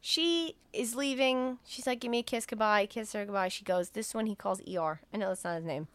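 A woman's voice: medium pitch, brisk, a bit bright, dry recording. A woman hosting a podcast, casually recapping a movie plot in a chatty, profane way with acted-out dialogue. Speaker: podcast host.

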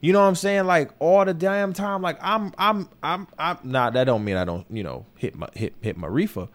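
Talking at a moderate pace with lively intonation, a young man with a slightly high voice hosts a podcast in New York. His personal monologue is candid and emotional, with frequent swearing and a habit of circling back on his words.

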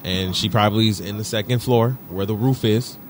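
Man from detroit, podcast co-host, animated storytelling, profane, repeats himself. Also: on the low side, a little fast, slight background noise. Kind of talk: casual chat.

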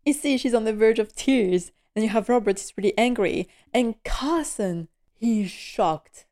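A woman's voice: mid-range voice, a little mellow. A woman hosting a podcast, chatting enthusiastically and laughing often as she recaps a TV episode. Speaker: podcast host.

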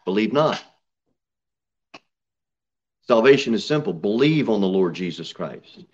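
A man preaching a sermon in a church, reading scripture aloud and building to emphatic, loud, high peaks. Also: expressive, measured pace. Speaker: pastor. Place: church sanctuary. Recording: slightly dull church recording.

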